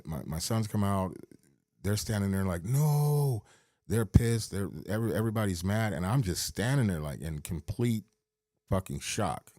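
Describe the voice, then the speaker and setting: A man's voice: sits low, mellow, no echo, studio quality. A middle-aged man hosting a podcast, swearing as he rambles through a personal story with many restarts. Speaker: podcast host.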